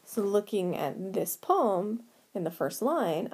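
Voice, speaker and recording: Slow, gravelly-voiced woman teaching. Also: medium pitch, sing-song, a little mellow. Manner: patient, explains step by step. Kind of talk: recorded whiteboard lesson.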